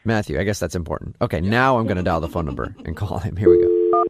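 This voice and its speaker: A man's voice: deep voice, expressive, quick pace. A man co-hosting a morning radio show, joking and self-deprecating as he banters and places a call. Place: radio studio. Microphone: studio microphone.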